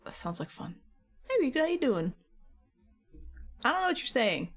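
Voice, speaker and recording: A woman's voice: high voice, very animated, normal speed, soft background music. A woman art streamer chatting casually and teasingly with her viewers while painting, laughing often and fighting a slight cough.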